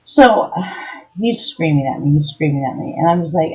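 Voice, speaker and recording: A woman's voice: deep voice, animated, normal speed. A middle-aged woman telling a personal story about an abusive ex-partner, talking earnestly with frequent ums and restarts. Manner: earnest and emotionally raw. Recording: dull lo-fi home recording.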